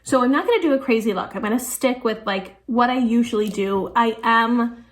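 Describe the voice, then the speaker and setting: A woman's voice: fairly high pitch, fairly quick. A woman in her thirties, a teacher and beauty vlogger, chatting casually and thinking aloud while doing her makeup. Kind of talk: casual makeup tutorial chat.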